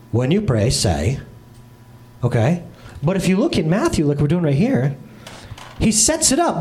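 Lively, joking male pastor. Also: sits high. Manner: chatty, jokey, talks to the congregation by name. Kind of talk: casual joking sermon. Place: church service with congregation and livestream.

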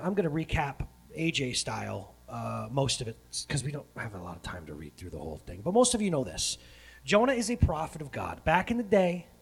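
A man's voice: medium pitch, breathy edge. A man preaching a casual sermon, retelling a Bible story with jokes and playful asides and often breaking off to correct himself. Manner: self-correcting, breaks off mid-sentence.

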